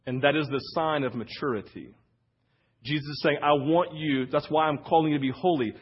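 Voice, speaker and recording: Through a wireless church mic and a muffled recording, a male pastor with a mid-range, breathy voice preaches a little fast. His style is conversational, and he keeps checking in with the congregation by asking "right?"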